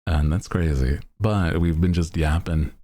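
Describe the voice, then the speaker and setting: Deep-voiced man in rambling stream chat. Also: unhurried, dark tone. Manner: rambling, laughs often. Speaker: VTuber streamer.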